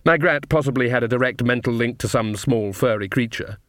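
A man's voice: mid-range voice, a little fast, a bit bright, dry recording, studio quality. Man narrating a fantasy audiobook. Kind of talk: scripted narration.

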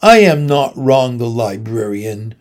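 A man's voice: medium pitch, expressive, slow pace, darkish tone. A man reading aloud, voicing a grumpy, curt male librarian in a storybook. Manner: curt, grudging. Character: grumpy gruff male small-town librarian.

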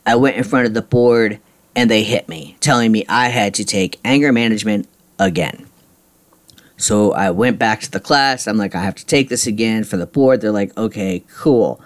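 A man's voice: on the low side, normal speed. A middle-aged man hosting a podcast, telling a personal story in a blunt, frustrated, ranting way with casual swearing. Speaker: podcast host.

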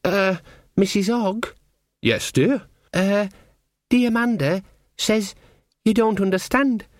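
A man's voice: sits high, slow, no echo, clean studio sound, pitched above the performer's own voice. A man voicing an earnest, nervous young woman witch in an audiobook, talking hesitantly and stammering.

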